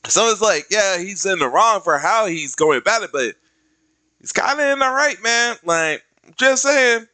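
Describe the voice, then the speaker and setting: A man streamer ranting casually, slangy and animated, dropping into other voices to act out quotes. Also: high-pitched, moderate pace, no echo. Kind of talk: casual rant.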